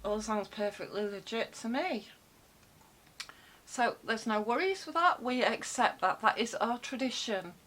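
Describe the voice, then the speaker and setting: A woman's voice: fairly high pitch, lively intonation, measured pace, a bit bright, low-quality recording. A woman vlogging from home, chatting casually with many fillers and wry asides into a desk microphone. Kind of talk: casual rambling talk to camera. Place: home room with cats about.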